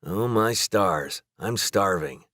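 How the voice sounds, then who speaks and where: An earnest, emotional young heroine of a romance audiobook, put on by a male narrator who lifts his deep voice for her. Her speech climbs high when she is moved. The recording is dry and close. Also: lively intonation, takes it slowly, a bit bright, no room sound, exaggerated voice.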